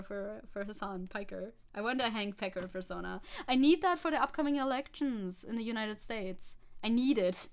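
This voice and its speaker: A woman's voice: medium pitch, fairly bright tone. A young woman from Germany streaming as a VTuber, chatting casually and sarcastically, reading chat comments, swearing freely and laughing often.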